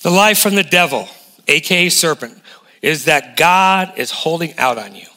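A man in his forties preaching a lively sermon as a guest pastor, emphatic and full of rhetorical questions. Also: a little high, moderate pace. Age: 40s.

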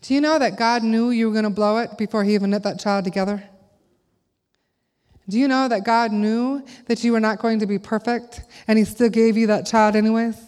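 A woman's voice: a little high, brisk, clean tone. Woman preaching in a reverberant church hall. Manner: candid, animated storytelling, acts out her own lines. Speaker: speaker at a church service. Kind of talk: sermon with personal storytelling.

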